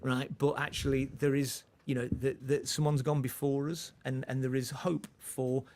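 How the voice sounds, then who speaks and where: A man's voice: mid-range voice, level tone, moderate pace, darkish tone. A man in his forties, a comedian guest, telling a personal story in a rambling way, with many restarts and laughs. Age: 40s. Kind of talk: relaxed storytelling in conversation.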